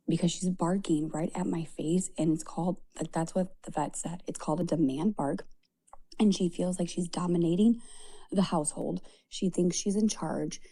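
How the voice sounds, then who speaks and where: A woman's voice: fairly low pitch, dark tone. A woman streamer in casual, rambling live-stream chat. She swears freely and often drops to a whisper.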